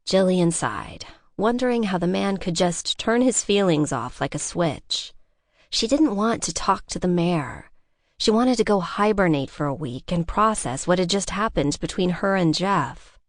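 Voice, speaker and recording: A woman narrating a suspense audiobook in a measured, scripted style. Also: lively intonation, no room sound, studio quality. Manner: measured, voices characters with shifts in pitch.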